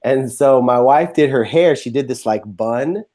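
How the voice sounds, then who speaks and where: A man's voice: medium pitch, a little slow, dark tone. A man hosting a podcast, chatting casually and rambling with many fillers. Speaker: podcast host. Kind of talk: casual chat.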